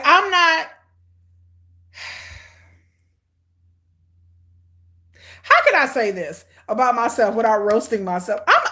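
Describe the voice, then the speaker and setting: A middle-aged woman giving blunt, sarcastic, animated commentary on a reality show she is watching. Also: high-pitched. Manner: hyperactive and energetic. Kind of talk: casual live watch-along commentary.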